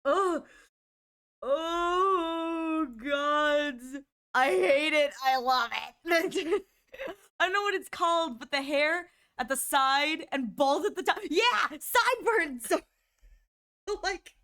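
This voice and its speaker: A woman's voice: high-pitched, lively intonation, slow pace, pushed and bright. A woman streaming while she draws, chatting casually to her viewers and breaking into helpless laughter. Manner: giggly, breaks into helpless laughter, talks to chat while drawing. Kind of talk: casual live art stream chat.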